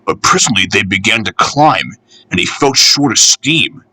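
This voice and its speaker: A man reading a children's railway storybook aloud in an expressive, measured way. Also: lowish voice, slightly rough, no room sound.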